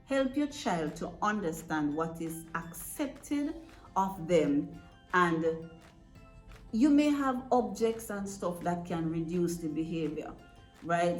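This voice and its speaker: A woman's voice: fairly low pitch, a little mellow. A woman giving earnest, direct advice to parents, often checking in with "right?". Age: adult parent. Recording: echoey room with faint music.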